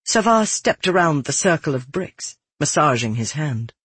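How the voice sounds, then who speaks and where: An audiobook narrator reading a first-person fantasy story in a steady, earnest way. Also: medium pitch, normal speed, breathy edge, no room sound.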